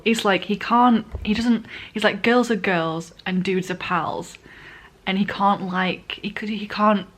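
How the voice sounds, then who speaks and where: A woman's voice: medium pitch, fairly bright tone, breathy edge. A young woman reacting to a manga in a casual, heated, rambling way, with frequent swearing. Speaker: manga vlogger.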